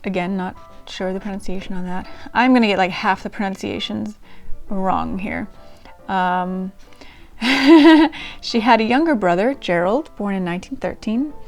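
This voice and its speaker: A woman's voice: medium pitch, moderate pace, few pauses. Woman host chatting to camera, lots of ums and self-deprecating, faint music underneath. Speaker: channel host reading old diaries. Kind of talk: casual chat to camera.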